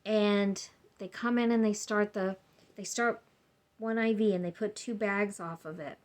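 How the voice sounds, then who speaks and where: A woman vlogger at home recounts a personal story to the camera, wandering off on tangents and voicing the people she quotes. Her mid-range voice is fairly even in intonation and a little slow.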